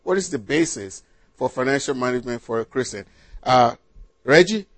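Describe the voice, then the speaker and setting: A man's voice: medium pitch, animated, fairly bright tone, dry recording. A man preaching as a pastor, reading scripture and quizzing his congregation with questions. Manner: slow, deliberate delivery with rhetorical questions to the congregation.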